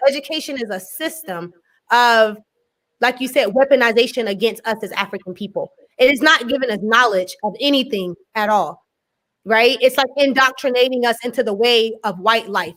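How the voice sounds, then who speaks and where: A woman's voice: fairly high pitch, fairly bright tone. An American woman scholar speaking in an interview, emphatic, building points with repeated phrases and "right?". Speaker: guest scholar. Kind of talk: conversational interview.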